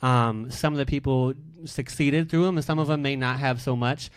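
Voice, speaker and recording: A man hosting a casual radio interview, expressive and emotional, talking openly with his guests. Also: mid-range voice, normal speed, clear, resonant tone, dry recording. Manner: expressive, emotional, animated when excited. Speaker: host.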